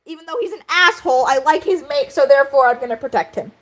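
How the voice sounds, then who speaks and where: A woman's voice: sits high, lively intonation, fast talker, fairly bright tone. Lady doing a blunt dad cat, bossy, matter-of-fact. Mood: stern. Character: gruff protective male cat father.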